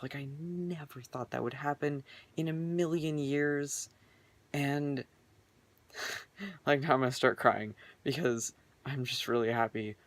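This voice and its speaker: A man's voice: on the high side, dry recording. A young man vlogging casually from his bedroom, rambling earnestly with lots of filler words. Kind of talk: casual personal vlog.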